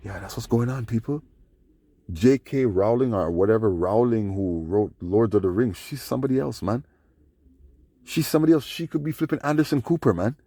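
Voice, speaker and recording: A man giving a rambling casual monologue, tagging his sentences with "man" and "yeah" and swinging between low mutters and loud bursts. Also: brisk, dry recording. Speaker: channel host.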